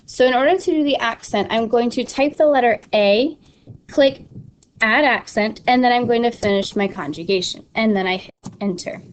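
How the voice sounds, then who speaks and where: Young woman teacher clicking thru a practice site, bit high voice, lots of ums. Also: normal speed, a little hiss or hum. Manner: casual, instructive, many ums and restarts. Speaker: Spanish teacher. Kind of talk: screen-recorded tutorial walkthrough.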